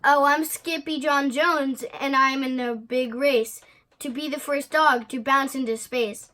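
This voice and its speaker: A woman's voice: high-pitched, fairly even intonation, a little slow, pushed and bright. A woman voicing a playful little kitten boy who thinks he's a chihuahua, in a storybook read-aloud with a sing-song manner.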